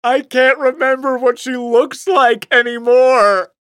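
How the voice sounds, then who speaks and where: Narrator doing a shaky, high, wailing unhinged guy, slow and dry. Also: level tone, a bit bright, dry recording. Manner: high trembling pleading voice. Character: distraught unstable grown man, wailing and pleading.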